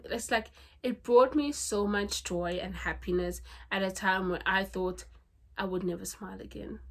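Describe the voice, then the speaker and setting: A woman talks through her favorite books in a loose, chatty vlog. She gushes, leans on fillers and repeats herself for emphasis, and her voice sits in an ordinary middle range. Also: mid-range voice. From South Africa. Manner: gushing, chatty, lots of "like" and "legit". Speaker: book vlogger. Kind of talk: casual book review vlog.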